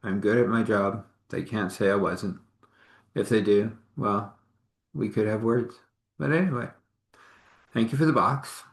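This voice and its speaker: A man's voice: fairly low pitch, unhurried, pauses often. A man voicing a woman accountant who has just been let go, taking it in stride in his own easygoing voice. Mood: unbothered. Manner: shrugging, easygoing, faith-filled. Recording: echoey room.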